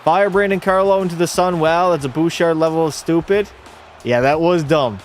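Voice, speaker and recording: A man's voice: a little high, normal speed, faint music behind. A young man hosting a live hockey watch party, calling plays and bantering bluntly with his chat. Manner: blunt, chatty, reacts to chat with jokey banter. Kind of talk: casual live-stream chat and play-by-play.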